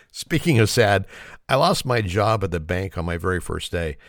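A man's voice: low voice, no room sound, clean studio sound. A man telling corny one-liners and a long shaggy-dog joke, laughing at his own punchlines and apologizing for them. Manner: self-deprecating. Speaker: joke teller.

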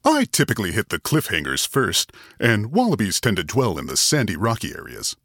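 A man's voice: fairly low pitch, wildly swooping pitch, fairly quick, creaky, fairly bright tone, no room sound, studio quality, exaggerated voice. A man playing a cheerful male winter spirit with a playful, friendly manner.

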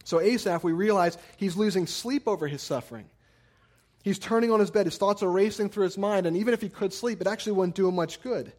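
Guy pastor in his 30s giving a sermon, a bit high voice, keeps doubling words. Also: brisk, a little mellow. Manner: earnest, repeats words when emphasizing, storytelling asides.

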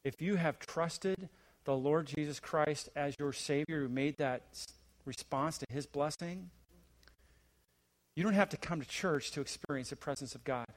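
A middle-aged man preaching a sermon as a visiting pastor, building to emphatic, rising questions and then dropping to a quiet, hushed delivery. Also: moderate pace. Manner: swings between rising, emphatic preaching and hushed, low asides.

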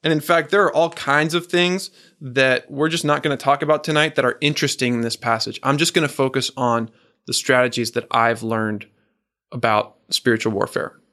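Male preacher, mid pitch, earnest and emphatic sermon delivery. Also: fairly even intonation, pushed and bright. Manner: earnest, slow and emphatic, asks the audience questions.

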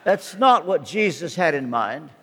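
An older man delivers an earnest, emphatic sermon. He speaks slowly, leaving room between his phrases, and his voice sits high for a man. A long reverb from a large hall hangs after each line. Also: sing-song, fairly bright tone, a little hiss or hum. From United States. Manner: earnest personal testimony, slow and emphatic. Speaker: guest preacher.

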